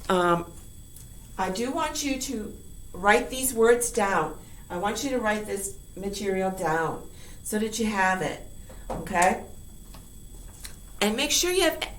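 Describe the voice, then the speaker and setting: A woman's voice: mid-range voice, fairly bright tone. A woman teacher explaining a poem to her class in a chatty way, often checking in with her listeners.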